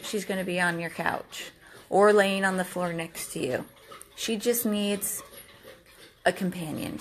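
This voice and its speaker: A woman's voice: mid-range voice, fairly bright tone, slight background noise. A woman, a dog rescue volunteer, earnestly pleading with viewers in a home video.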